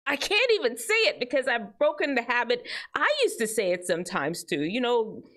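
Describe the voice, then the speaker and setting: A woman hosting a teen advice show, chatting to young viewers in a casual, animated way. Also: moderate pace. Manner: animated, chatty, jumps between high and low tones. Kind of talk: casual advice talk to teens.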